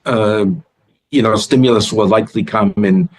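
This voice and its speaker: A man who is a guest analyst in a remote interview, thoughtful and halting with repeated starts. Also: on the low side, steady tone, low-quality recording.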